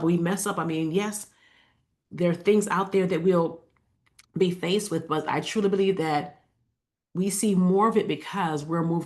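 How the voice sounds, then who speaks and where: A woman with a somewhat low voice gives a casual faith coaching talk straight to her viewers. She keeps it conversational, with fillers and asides, and slows down to repeat her key lines. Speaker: faith-based life coach. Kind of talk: casual inspirational talk to camera.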